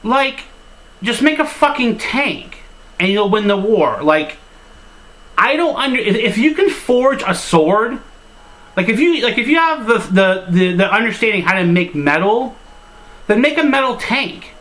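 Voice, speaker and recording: High-voiced, exasperated ranting man. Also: sing-song, a little slow, a bit bright, poor audio. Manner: crude, exasperated ranting with frequent "like" and swearing. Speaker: video reviewer. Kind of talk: satirical comedy rant.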